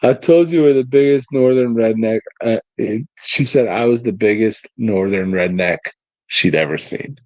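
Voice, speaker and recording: A man in his forties co-hosting a podcast, trading jokes in casual banter with a deadpan, teasing streak. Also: on the low side, moderate pace, no room sound. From United States. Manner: joking, teasing, deadpan asides. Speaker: podcast co-host.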